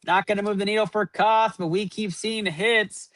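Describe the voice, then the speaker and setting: A man's voice: high voice, fairly even intonation, normal speed, a bit bright, dry recording. A man hosting a live card-opening stream, rattling off running point totals and hyping up each pull. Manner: running tally of numbers, upbeat hype. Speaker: host.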